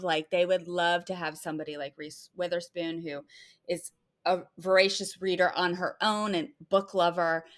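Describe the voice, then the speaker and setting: A woman's voice: on the low side, fairly bright tone. A woman hosting a podcast interview, upbeat and chatty, asking her guest questions. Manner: upbeat, chatty, laughs easily. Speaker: podcast host. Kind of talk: casual interview talk.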